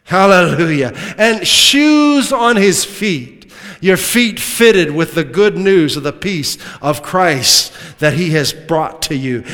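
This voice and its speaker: A man preaching a sermon as a pastor, swinging from loud emphatic lines to hushed asides, with humorous remarks. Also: high-pitched. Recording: long reverb of a large hall.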